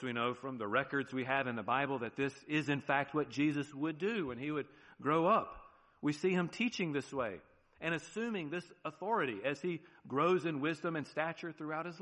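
A man with an American accent, a pastor preaching a sermon with emphatic swings between loud declarations and hushed low phrases, often asking "right?". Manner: asks the congregation "right?" often. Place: church sanctuary. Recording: long church reverb.

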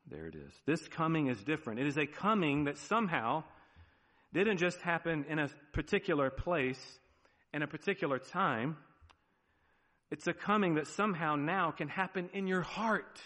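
A man preaching a sermon as pastor, animated, with sudden drops to a quiet, emphatic tone. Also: a little high, normal speed, in a large hall.

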